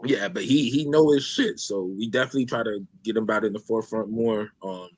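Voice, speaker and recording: Talking a little fast in a lowish voice, the host keeps his podcast casual and rambling. Slang, swearing, and constant fillers mark his speech, and the sound is free of echo.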